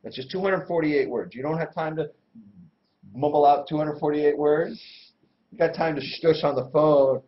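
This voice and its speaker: A man giving a casual religious lesson in a slangy, irreverent, animated way, full of everyday examples. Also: fairly high pitch, moderate pace, a little hiss or hum. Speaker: Torah teacher and host. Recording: dull lo-fi recording.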